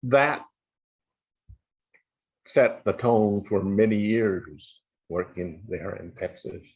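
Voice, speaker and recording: Older male panelist, deliberate and low, recounting a story on a lo-fi broadcast. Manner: slow, measured storytelling with quoted dialogue.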